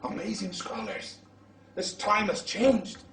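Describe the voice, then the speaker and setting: A man voicing an elderly husband back from war, excitable and exclaiming, as he retells a story in a sermon. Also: high voice, takes it slowly, gravelly, crowd noise, voice pushed up, exaggerated voice. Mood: earnest. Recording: roomy, from far off mic.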